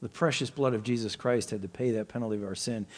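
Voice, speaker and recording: A man's voice: fairly even intonation, fast. Man preaching, acting out the quoted pleas. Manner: expository preaching, acting out quoted pleas with sudden jumps in pitch and loudness. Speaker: pastor. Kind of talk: sermon.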